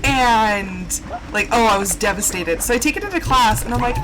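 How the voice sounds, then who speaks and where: A woman streamer chatting casually over gameplay, telling animated stories and acting out quotes in a higher voice. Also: normal speed, low-quality recording. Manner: animated storytelling with high acted quotes. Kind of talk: casual gaming chat.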